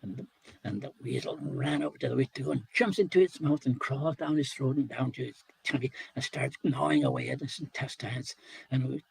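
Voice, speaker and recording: A man telling a traditional folk tale, unhurried and repeating phrases for rhythm. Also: mid-range voice, creaky, breathy edge, dry recording, rough recording. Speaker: storyteller. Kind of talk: oral folk storytelling.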